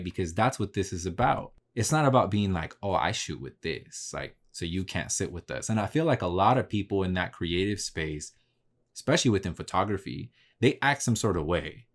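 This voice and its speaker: A man hosting a podcast tells a story in a laid-back, slangy, profane way, replaying his own conversations. His voice is fairly low in pitch with a darkish tone.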